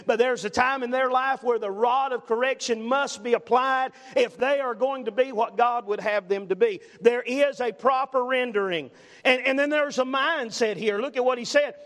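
A man's voice: extremely high pitch, a bit bright. An older man preaching a sermon as pastor, emphatic and repetitive, punctuating points with "amen?", recorded with long reverb in a church sanctuary. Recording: long reverb in a large hall.

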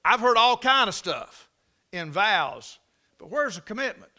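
High, bright-voiced preaching man. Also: very animated. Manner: preaching with repeated words, drawn-out emphasis and rhetorical questions. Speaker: pastor. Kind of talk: sermon.

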